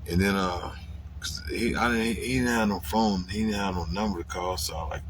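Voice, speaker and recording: A profane, animated man telling a story. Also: a little fast, slight background noise. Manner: acts out his own past lines in a louder, higher voice. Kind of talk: casual spoken storytelling.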